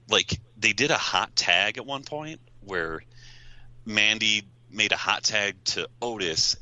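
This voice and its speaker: A man talking casually and analytically on a wrestling podcast, thinking aloud in a measured way. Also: lowish voice, pushed and bright, dry recording, lo-fi sound.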